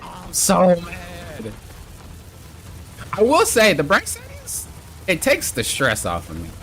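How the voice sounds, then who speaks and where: An excitable man commentating his own live game stream. His voice is bright and punchy, and it leaps between shouted exclamations and low, muttered asides. Faint background noise runs under him. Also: moderate pace. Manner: excitable, exclamatory, trash-talking.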